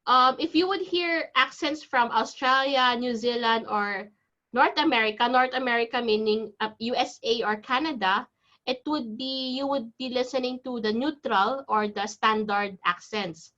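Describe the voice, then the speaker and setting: A woman with a Filipino accent teaching an online class, explaining slowly with frequent restarts and repetitions. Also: fairly high pitch, pushed and bright. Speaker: English test teacher. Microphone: video call. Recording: dull lo-fi video call audio.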